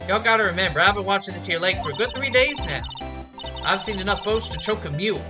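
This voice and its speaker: A woman's voice: mid-range voice, animated, fast, over music, natural voice. A woman voicing a brash young Southern woman photographer with a folksy drawl. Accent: American Southern drawl, put on. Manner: loud, brassy, folksy drawl.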